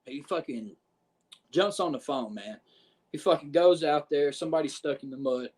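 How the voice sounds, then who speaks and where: A man telling a backstage wrestling story on a podcast, animated and profane, acting out what others said. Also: a little high, normal speed, breathy edge. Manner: profane, animated retelling with quoted voices. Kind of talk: casual storytelling.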